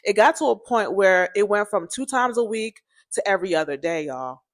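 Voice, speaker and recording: A woman casually telling a personal story to her viewers, chatty and animated, often turning to address them directly. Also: medium pitch, moderate pace. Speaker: storytime vlogger.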